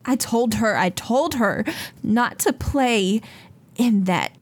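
A woman's voice: fairly high pitch, takes it slowly, voice pushed up. A woman voicing a distraught village mother who pleads tearfully for help finding her daughter. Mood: pleading.

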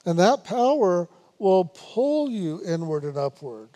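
Man, high voice, slow delivery, spiritual teacher, meditation talk, teasing, laughs now and then. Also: sing-song. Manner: unhurried, repetitive, gently teasing with laughs.

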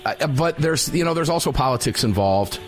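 A man's voice: mid-range voice, lively intonation, fairly quick, soft background music. A man hosting a talk radio show, chatting in a rambling, agreeable way with a guest.

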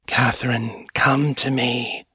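A man's voice: medium pitch, level tone, slow, pushed and bright, slightly rough, dry recording, clean studio sound, heavily acted. A man voicing a mysterious presence behind a door that whispers and cajoles. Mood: cajoling.

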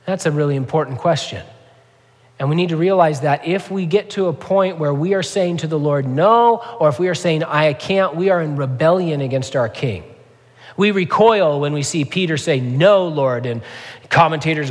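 A man's voice: on the high side, moderate pace. Earnest man preaching in a reverberant hall. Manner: earnest, conversational preaching with asides. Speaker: pastor. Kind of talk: sermon.

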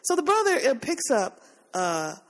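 A woman's voice: high-pitched, normal speed. A woman hosting a podcast in casual chat, telling a story with lots of laughter and acted-out quotes. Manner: animated storytelling, laughs often, acts out quotes. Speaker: podcast host.

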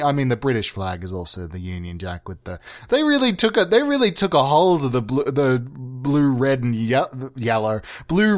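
An Australian man from Australia in a casual comedic monologue, playful and rambling, bending his inflections for fun. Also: on the high side.

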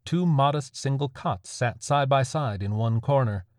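Brief: male narrator for a grim horror story, measured, mid-pitched, dry close sound. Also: darkish tone, no echo.

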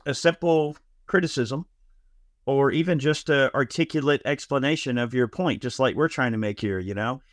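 Measured argumentative man on a podcast. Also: medium pitch, no room sound, studio quality. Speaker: podcast co-host. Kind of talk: casual opinion talk.

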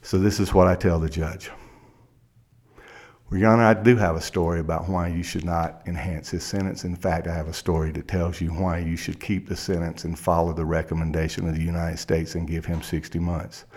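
A man's voice: sits low, a little mellow. A man with a Kentucky accent, a criminal defense lawyer, telling a courtroom story in a dramatic present tense.

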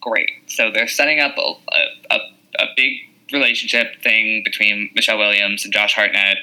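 A man co-hosting a podcast, casually recapping a movie in a giggly, animated way. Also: on the low side, normal speed, low-quality recording. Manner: animated, giggly retelling of scenes. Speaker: podcast co-host.

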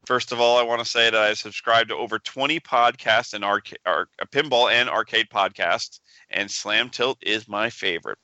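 Man, podcast co-host, very bright voice, dry close sound, joking casual chat. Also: fairly low pitch, moderate pace, few pauses, no echo, dull audio. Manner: joking, reads listener emails aloud.

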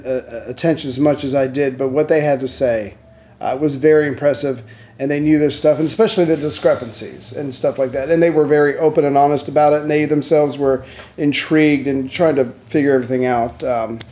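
A man with a mellow, warm voice, a little higher than most men. He talks in a laid-back way with many short agreeing replies, chatting casually in a hotel room. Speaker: podcast co-host. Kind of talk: casual chat.

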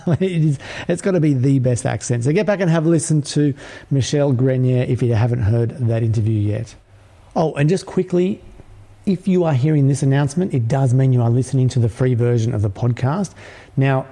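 A man's voice: mid-range voice, mellow. A middle-aged man hosting a podcast, reading an upbeat, emphatic scripted intro before chatting with his guest. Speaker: podcast host.

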